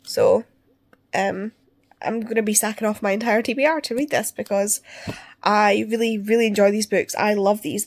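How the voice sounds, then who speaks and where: A woman talks in a loose, rambling way, full of fillers and restarts. Her voice is going and she sounds stuffed up. She chats casually to her viewers at a middling pitch. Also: expressive, unhurried. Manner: rambling, chatty, with many fillers. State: losing her voice, congested. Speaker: book vlogger. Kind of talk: casual chat. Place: parked car, then at home.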